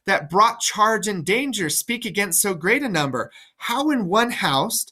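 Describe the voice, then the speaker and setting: Brief: cold young princess, clipped and dismissive, high bright read by a man. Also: expressive, a little slow, full character voice. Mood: defiant.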